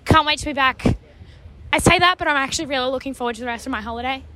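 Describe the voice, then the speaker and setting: A woman's voice: sits high, very fast, bright, forceful tone, slight background noise. A young woman co-hosting a podcast, recording a chatty message in a wry, self-deprecating way. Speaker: podcast co-host.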